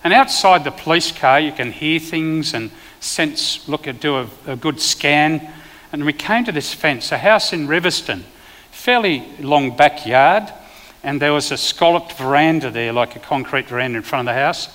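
An Australian man, a preacher and former police officer, telling a vivid testimony in a sermon with sudden loud bursts. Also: fairly high pitch, moderate pace, in a large hall.

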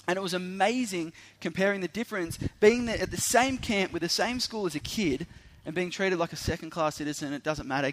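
A young man, preaching a sermon that opens with a lively story in which he acts out the people involved. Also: fairly high pitch, brisk. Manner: animated storyteller, acting out voices.

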